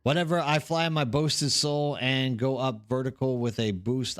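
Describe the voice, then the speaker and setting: A man's voice: medium pitch, steady tone, a little slow, hardly any pauses, a bit bright. A man chatting casually on a live stream while gaming, rambling and reacting to chat. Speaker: streamer hosting a watch party.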